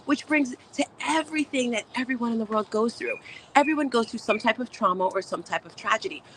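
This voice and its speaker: A woman's voice: fairly high pitch, a little fast, fairly bright tone, slight background noise, rough recording. A woman hosting a motivational live stream, chatting upbeat and speaking straight to her viewers. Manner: upbeat, chatty, talks to chat. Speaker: host.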